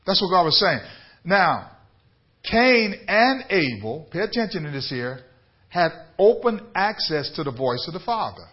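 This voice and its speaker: A man's voice: high voice, sing-song, unhurried, dull audio. A man, a bishop preaching a radio sermon, building up to emphatic repeated questions to his listeners. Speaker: bishop and pastor.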